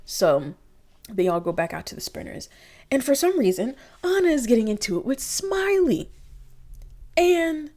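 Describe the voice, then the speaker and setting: Animated young woman reviewing reality TV. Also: medium pitch. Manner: animated, profane, acts out quotes in exaggerated voices. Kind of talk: casual episode review. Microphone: computer mic.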